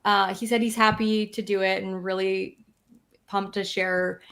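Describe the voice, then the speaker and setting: A woman's voice: medium pitch, little pitch movement, unhurried, gravelly, a bit bright. A woman co-hosting a podcast, talking in an earnest, thoughtful way with many fillers. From Canada. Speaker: podcast co-host. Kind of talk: casual chat.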